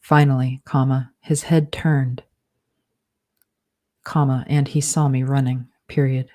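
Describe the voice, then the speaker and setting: A woman author dictating her novel aloud, slowly and deliberately, speaking punctuation marks and edit commands between phrases. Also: very deep voice, flat delivery, dark tone.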